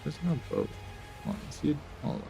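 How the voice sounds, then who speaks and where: A man's voice: a little fast, music in the background. A man acting as game master in a casual tabletop game, explaining rules and narrating scenes plainly.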